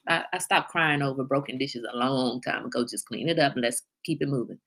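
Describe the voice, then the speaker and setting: A middle-aged woman hosting a livestream, chatting casually and emphatically with viewers and telling animated stories. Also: low voice, a little fast, hardly any pauses. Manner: animated storyteller, emphatic, reads viewer comments. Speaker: livestream host.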